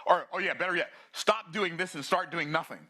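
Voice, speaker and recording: Fired-up man in his sixties, bright voice. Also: fairly quick. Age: 60s. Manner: fiery, preachy, swings between low intensity and excited bursts. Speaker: summit speaker. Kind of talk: motivational talk.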